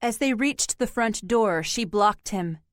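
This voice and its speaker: A woman narrating an audiobook with measured, even storytelling. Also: medium pitch, dry recording, studio quality.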